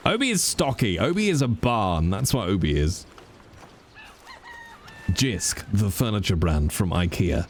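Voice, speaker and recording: A male streamer with a low, gravelly voice chats between scenes of a role-play game. He teases, swears and jokes freely, and his pitch swings widely as he riffs. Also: very animated, unhurried, pauses often, a little hiss or hum. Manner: joking, swearing, teasing banter. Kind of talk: casual live-stream chat.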